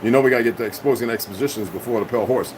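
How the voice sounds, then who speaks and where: A man's voice: medium pitch, very fast, noisy background. A man hosting his own channel, talking in a casual, rambling livestream monologue full of profanity and confrontation. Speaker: channel host.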